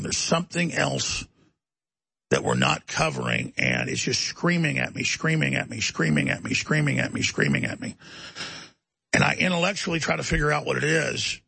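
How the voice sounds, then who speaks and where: A man with an intensely gravelly, raspy voice rants through a talk-show monologue, his pitch swinging widely as he pushes each point hard. The sound is close and dry, with no room around it. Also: big pitch swings, normal speed, bright, forceful tone, no echo. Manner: ranting, emphatic and heated.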